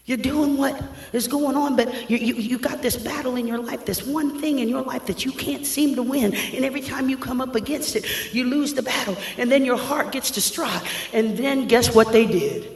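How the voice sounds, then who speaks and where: A male pastor preaching a fervent sermon, shouting often and retelling scripture in casual slang. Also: very high voice, moderate pace. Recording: echoey hall with long reverb.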